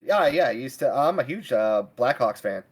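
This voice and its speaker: A man's voice: mid-range voice, expressive, moderate pace, a crowd in the background. A man hosting a casual podcast, easygoing and rambling, circling back through his thoughts before landing a point. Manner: rambling, many fillers and restarts, easygoing. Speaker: podcast host.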